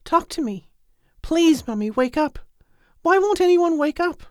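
A woman's voice: expressive, normal speed, darkish tone, no echo, clean studio sound, natural voice. A woman reading an audiobook, voicing a dazed, frightened young woman patient in a pleading voice. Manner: pleading, higher and more urgent than the narration. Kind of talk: audiobook character voice.

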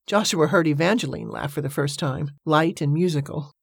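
Low-voiced woman narrating a novel. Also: normal speed, vocal fry, breathy edge, dry recording, clean studio sound. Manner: steady storytelling. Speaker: audiobook narrator. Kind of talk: scripted narration.

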